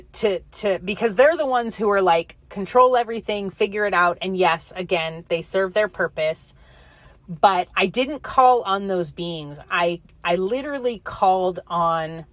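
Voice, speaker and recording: A woman's voice: mid-range voice, a bit bright, no room sound. Chatty woman talking alone in her car. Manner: candid, rambling, many fillers and restarts. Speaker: podcaster reflecting alone. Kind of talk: casual personal monologue. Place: inside a car.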